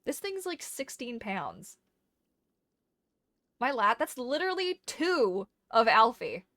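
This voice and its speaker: A woman's voice: fairly high pitch, very animated, slow, sharp tone, no echo, studio quality. A woman chatting casually while streaming a game, slipping into doting baby talk to her dog. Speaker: gaming streamer. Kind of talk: casual gameplay chat.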